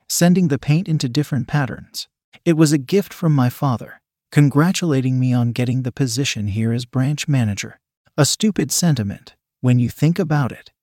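A man reading a first-person story aloud in a calm, measured, coldly sly manner. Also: mid-range voice, dry recording, studio quality.

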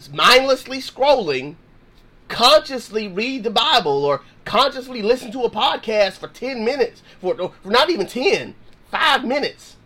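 A man's voice: very high voice, fairly bright tone. A man hosting a Christian podcast, teaching in a slangy, conversational way and acting out sample prayers. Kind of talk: casual Bible teaching.

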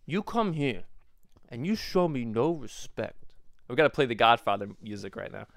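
A man playing an offended movie producer, sliding into a rough mob-boss impression. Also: mid-range voice, very animated, normal speed, no room sound, studio quality, pitched below the performer's own voice. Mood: indignant. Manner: mock-indignant, gravelly mob-boss impression.

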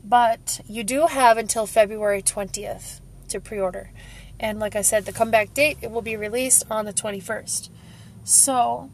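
A woman's voice: on the high side, darkish tone. A woman hosting a casual solo podcast, emotional, laughing and crying as she gushes. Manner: emotional, laughing and tearful, gushing. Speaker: podcast host.

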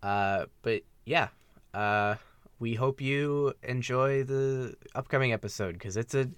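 A man co-hosting a casual gaming podcast, relaxed and full of fillers, laughing often. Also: medium pitch, slow pace, smooth, dry recording. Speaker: podcast co-host. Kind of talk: casual chat.

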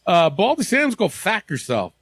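Male podcast host, animated pitch, dry close sound, loose profane banter. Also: moderate pace, breathy edge, dry recording. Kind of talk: casual chat.

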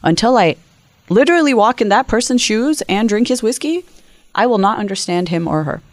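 A woman guest on an interview, telling a story in a lively, animated way at a quick clip. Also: mid-range voice, dry recording. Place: conference venue.

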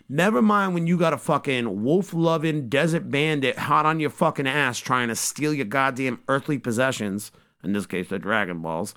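A man hosting a podcast, giving a casual, profane and joking recap of an episode as an animated storyteller. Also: mid-range voice. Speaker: podcast host.

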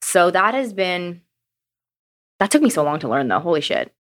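A woman's voice: fairly low pitch, big pitch swings, normal speed. A woman co-hosting a podcast in casual conversation, speaking candidly and reflectively with frequent "like" fillers. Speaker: podcast co-host.

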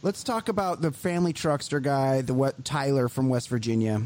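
A man co-hosting a comedy podcast, ranting animatedly and mimicking people in quick asides. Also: medium pitch, expressive, crowd noise. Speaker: podcast co-host. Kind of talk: comedic casual chat.

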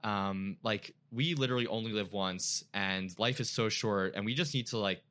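A young man with a low but bright, forward voice shares a heartfelt personal story in casual talk. He leans on "like" constantly and sounds openly emotional. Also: normal speed. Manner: emotional, frequent "like" fillers. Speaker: guest.

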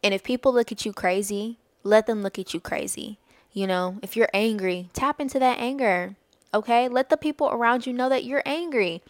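A woman's voice: a little high, moderate pace, no echo. A woman hosting a podcast, giving an earnest, faith-based talk of encouragement and often laughing mid-sentence. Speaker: podcast host.

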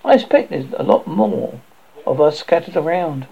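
A man doing a fretful plump schoolboy, raised and husky. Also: very animated, normal speed, exaggerated voice. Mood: anxious. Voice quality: raised boyish pitch, plain working-class speech. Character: plump asthmatic schoolboy, anxious and eager to please. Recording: dull lo-fi recording.

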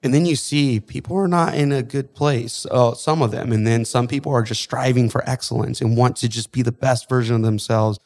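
Earnest male fitness coach, mid-pitched. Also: steady tone, a little fast, hardly any pauses, a little mellow. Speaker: fitness coach and podcast co-host. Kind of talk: casual podcast chat.

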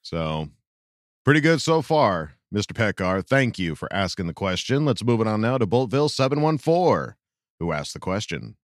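A man hosting a casual sports podcast, his pitch leaping up and down as he talks. He reads listener questions with an animated, joking delivery. His voice sounds close and dry, with no room sound behind it. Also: normal speed, no room sound. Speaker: podcast host.

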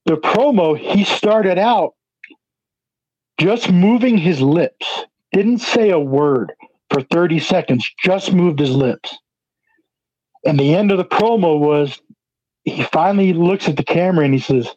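Rambling wrestler guest, slightly high voice. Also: male voice, a little slow, darkish tone, no echo. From New Jersey. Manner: rambling, heavy use of "you know" fillers. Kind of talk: casual interview chat. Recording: dull lo-fi, dry sound.

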